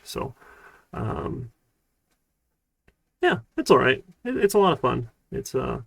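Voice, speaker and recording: Gravelly relaxed man teaching programming. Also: medium pitch, no echo. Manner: relaxed, rambling, lots of fillers. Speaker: college programming instructor. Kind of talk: casual live-streamed lecture.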